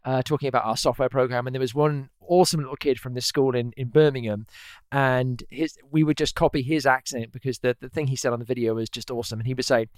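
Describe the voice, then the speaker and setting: A man's voice: mid-range voice, steady tone, fast talker, hardly any pauses, clean tone, no echo. A man from England with an English accent, chatting casually and telling anecdotes. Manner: chatty, tells anecdotes with mimicry. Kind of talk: casual chat.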